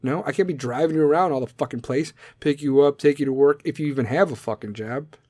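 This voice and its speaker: Male host, brash profane rant, slightly high voice, dry close mic. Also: fast, no echo. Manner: blunt, aggressive, swears constantly, swings loud and soft. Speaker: podcast segment host.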